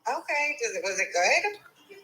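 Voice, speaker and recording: A woman's voice: fairly high pitch, very animated, measured pace, bright, forceful tone, low-quality recording. A woman calling on her way home, chatting in a laid-back way and laughing easily. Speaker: caller on the way home.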